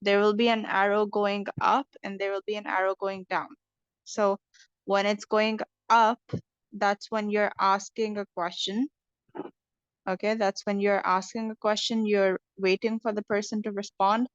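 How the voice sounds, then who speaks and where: A woman's voice: medium pitch, flat delivery, unhurried, clear, resonant tone, no room sound. Woman teacher, patient, keeps checking you got it, dull lo-fi sound, dry. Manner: patient, explains step by step, checks understanding with "okay?". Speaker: English teacher. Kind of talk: online English lesson.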